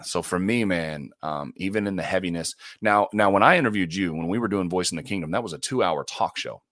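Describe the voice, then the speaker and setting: A man who hosts a radio morning show, a guest in an interview, telling faith stories in an earnest, animated way, often restarting and laughing. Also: sits low, dry recording, clean studio sound. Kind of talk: faith-centered interview storytelling.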